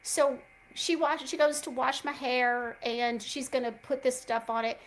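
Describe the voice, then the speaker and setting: A woman's voice: sits high, steady tone, a little slow, low-quality recording. A middle-aged woman, hosting a show and telling a chatty story straight to her listeners. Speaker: host. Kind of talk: casual chat.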